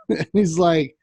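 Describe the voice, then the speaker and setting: A man's voice: gravelly, breathy edge, dry recording. Young man telling shop stories, dry sound. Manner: animated, acts out customers in a higher voice. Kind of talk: casual chat, storytelling.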